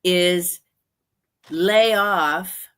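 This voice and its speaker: A woman in her sixties hosting a casual stream chat, her voice bright and a little on the low side. She talks slowly and draws out her words, laughing easily between stories. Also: smooth. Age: 60s. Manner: chatty, laughs often, slow and drawn-out. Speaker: livestream host.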